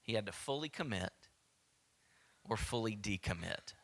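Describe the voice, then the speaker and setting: A man with a Southern American accent preaching a sermon as pastor, animated and acting out quoted voices, sometimes dropping to a hushed whisper. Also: lowish voice, moderate pace.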